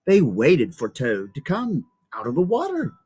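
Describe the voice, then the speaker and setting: Slow middle-aged guy reading a kids book, lots of ups and downs in his voice. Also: mid-range voice, very animated, a little mellow, breathy edge. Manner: asks listeners to look at the pictures. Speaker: storybook reader. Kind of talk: reading a picture book aloud to children.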